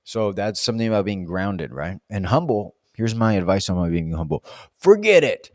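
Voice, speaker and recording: A man's voice: deep voice, lively intonation, moderate pace, a little mellow, dry recording, clean studio sound. A man in a casual, reflective monologue, rambling and musing with plenty of fillers. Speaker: vlogger.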